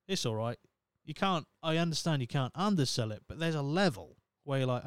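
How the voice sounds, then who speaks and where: A man's voice: a little high, animated, fairly quick, clear, resonant tone, dry recording, clean studio sound. A young man hosting a podcast, reading out news stories with sarcastic, sweary comic asides. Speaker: podcast host. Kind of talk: casual comedic commentary.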